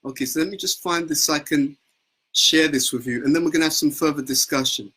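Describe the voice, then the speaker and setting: A man's voice: fairly high pitch, steady tone, fast talker, sharp tone, husky, low-quality recording. A man giving an earnest devotional talk as a spiritual teacher, often repeating words as he searches for phrasing. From United Kingdom.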